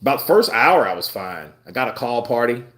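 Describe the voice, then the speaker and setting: His voice is medium in pitch, a bit bright, very animated, and fairly quick. He's a twenty-something man hosting a live stream, easygoing and laughing often as he rambles through anecdotes in casual commentary.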